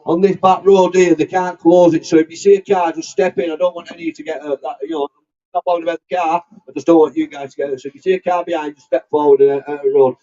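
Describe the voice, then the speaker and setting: A man's voice: a little high, mellow, far from the mic. A man, organising a street demonstration and giving the crowd friendly, informal instructions. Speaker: rally organiser. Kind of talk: addressing a crowd outdoors. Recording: muffled lo-fi outdoor recording.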